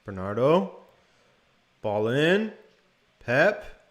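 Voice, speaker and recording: Drawing out his words in a mid-range voice, this young streamer hosts a live watch-along of a match. His commentary is easygoing, moving between calling the play and replying to chat.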